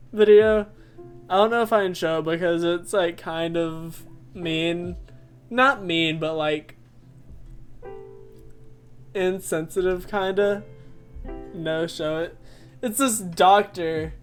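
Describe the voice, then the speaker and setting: A streamer chatting casually during a live game stream, telling stories with frequent laughter. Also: medium pitch. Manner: giggly, animated storytelling.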